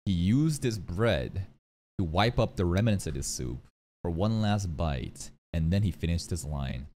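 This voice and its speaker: A man reacting to an anime episode in casual, excitable commentary. He swears freely and jokes at the screen. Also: low-pitched, a little slow, slight background noise. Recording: anime audio playing behind him.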